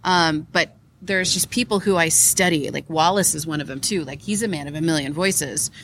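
An eager, chatty woman with a slightly low voice, talking on a live podcast at a convention. She rambles happily with fillers and little laughs. Faint convention noise sits underneath. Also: normal speed, fairly bright tone. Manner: chatty and enthusiastic, giggly, frequent fillers. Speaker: podcast co-host. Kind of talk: casual chat recorded live at a convention. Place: convention hall behind a curtain.

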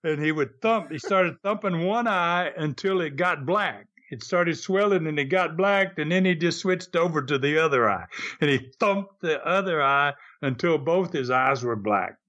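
A man's voice: fairly high pitch, normal speed, a bit bright. Older man chuckling through old stories. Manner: chuckling anecdotal storytelling with acted quotes. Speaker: interview guest. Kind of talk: storytelling interview.

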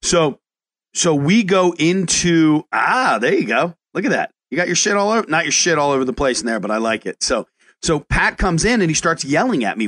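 Speaking at normal speed with a slightly high voice, a chef hosts his podcast in relaxed conversation. His storytelling is animated and foul-mouthed, and he often stumbles and starts over.

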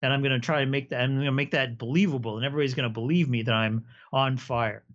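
A man's voice: medium pitch, steady tone, fast, fairly bright tone. Enthusiastic man chatting, dull lo-fi sound. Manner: enthusiastic storyteller, explains at length. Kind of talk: casual chat about tabletop games.

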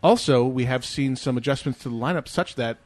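A man's voice: medium pitch, brisk. A male podcast host closes out the episode with playful, mock-grand patter and frequent laughs. His voice sits in the middle range. The sound is dry and close, with no room echo. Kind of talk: casual podcast chat.

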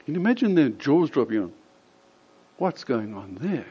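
A man preaching a sermon, retelling a scripture scene vividly with dramatic pauses. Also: medium pitch, very animated, husky. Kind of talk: storytelling sermon. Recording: slightly dull lo-fi sound.

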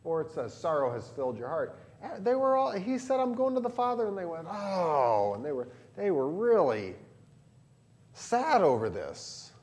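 A male pastor with a Southern Illinois accent and a slightly high voice leads a lively catechism lesson for children and adults. Speaking at a moderate pace, he stays animated and quizzes the class.

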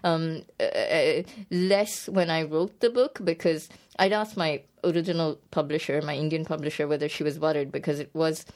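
A woman's voice: low-pitched, steady tone, normal speed, few pauses, darkish tone. A woman poet being interviewed about her book, speaking thoughtfully with frequent restarts and fillers. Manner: hesitant, many restarts and fillers, laughs easily. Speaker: poet and author, interview guest.

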